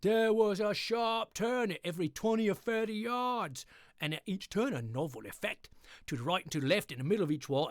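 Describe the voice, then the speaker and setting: A man putting on a cheerful English accent to read a gothic tale aloud in a theatrical, drawn-out way. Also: sits high, no room sound, studio quality. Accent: put-on English. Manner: theatrical, drawn-out emphatic reading. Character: cheerful upbeat English male storyteller. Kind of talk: dramatic horror story reading.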